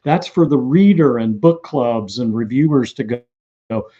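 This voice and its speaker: Mellow-voiced man telling animated anecdotes. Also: mid-range voice, measured pace, breathy edge, lo-fi sound. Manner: animated anecdotal storyteller who acts out quotes. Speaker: author. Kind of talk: interview storytelling.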